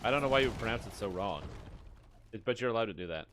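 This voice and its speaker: Over a noisy background, a fast-talking man with a fairly low pitch and animated intonation offers casual gameplay commentary. He jokes and rambles while responding to his stream's chat.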